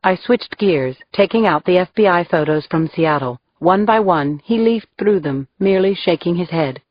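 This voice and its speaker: A woman's voice: fairly low pitch, animated, moderate pace, dull audio. A woman narrating a first-person crime novel in a wry, dry manner. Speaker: audiobook narrator.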